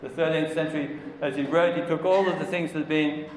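A man preaching a sermon in an earnest, emphatic way, slowing down to stress key words. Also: fairly high pitch, fairly even intonation, slight background noise. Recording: echoey hall with long reverb, faint ambience.

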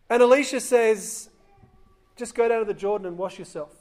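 A man with a fairly high voice preaching in a relaxed, conversational way. He tells a scripture story and slips into the voices of its people as he goes. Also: normal speed. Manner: acts out quoted voices, conversational. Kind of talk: sermon storytelling.

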